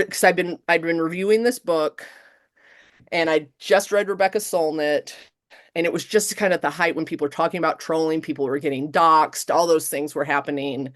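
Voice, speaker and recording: A middle-aged woman professor speaks in an interview with a slightly low voice. She is animated and expressive, leaping up in pitch to act out quoted lines. The sound is close and dry, with no room around it. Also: no room sound. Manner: animated, acts out quotes with big pitch jumps. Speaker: guest professor. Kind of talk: casual interview chat.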